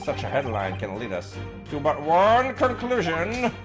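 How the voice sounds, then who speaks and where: A man's voice: on the high side, huge pitch swings, pitched above the performer's own voice. A man voicing a pompous, grandiose male detective with a theatrical put-on accent, reading game dialogue over music. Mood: haughty. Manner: grandiose, lofty, slow reading. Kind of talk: reading game dialogue aloud on a live stream.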